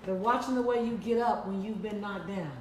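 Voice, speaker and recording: A woman's voice: medium pitch, a little fast, slight background noise. A woman giving an emphatic, preacherly motivational talk to a live audience, repeating lines for effect. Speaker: motivational speaker. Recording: echoey room, mic at a distance.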